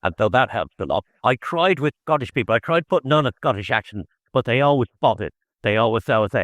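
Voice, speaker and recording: A man's voice: medium pitch, animated, fast talker, a bit bright, no echo. An Irish man, a guest on a podcast, telling meandering stories about his old fishing days and often restarting his sentences. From Ireland (Howth). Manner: meandering anecdotal storytelling with frequent restarts. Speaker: guest, fisherman turned distiller. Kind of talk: casual conversation.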